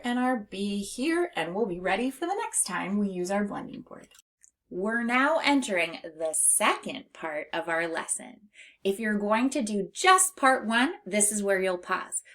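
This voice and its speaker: A woman reading teacher leading a phonics lesson for young children, slowly and clearly sounding out letters and words. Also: medium pitch, fairly bright tone. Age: adult.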